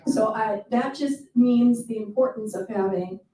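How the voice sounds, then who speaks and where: A woman's voice: on the high side, a little slow, warm tone. A woman leading a group workshop debrief, upbeat and encouraging, laughing often with the participants. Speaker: workshop leader. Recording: echoey room from far off.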